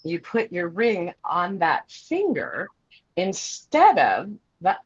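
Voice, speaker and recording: A woman's voice: lowish voice, wildly swooping pitch, slow pace, breathy edge, lo-fi sound. A woman participant on a video call, chatty and a little self-deprecating as she shares a comment with the class.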